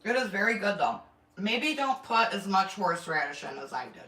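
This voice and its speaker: A woman's voice: mid-range voice, big pitch swings, normal speed, pushed and bright. A middle-aged woman, hosting a casual livestream from her kitchen and chatting bluntly with viewers. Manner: chatty and blunt, swears, greets viewers by name. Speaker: homestead channel host. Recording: echoey room, distant mic, faint noise.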